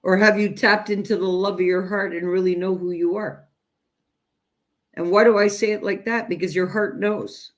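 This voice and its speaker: A woman teaching self-growth in a direct spiritual talk, speaking emphatically and deliberately and addressing listeners as "you guys". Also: mid-range voice, fairly even intonation.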